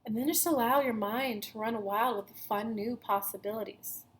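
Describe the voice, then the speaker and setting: A woman's voice: a little high, moderate pace, slight background noise. A woman giving a channeled spiritual talk, speaking as a collective "we" and repeating her key phrases earnestly. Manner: speaks as a collective "we", talks about herself in the third person.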